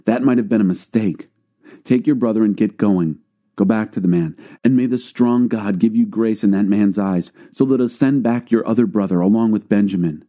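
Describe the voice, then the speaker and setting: A man's voice: lowish voice, normal speed, mellow, natural voice. A man reading a grieving old father. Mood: sorrowful. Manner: mournful, pleading. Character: grieving aged father, stubborn and fearful.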